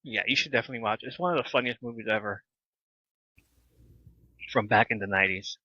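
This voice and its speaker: A man hosting a casual live podcast, animated and laughing often as he chats with viewers. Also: fairly low pitch, fast talker, no echo. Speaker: podcast host. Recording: slightly dull lo-fi mic.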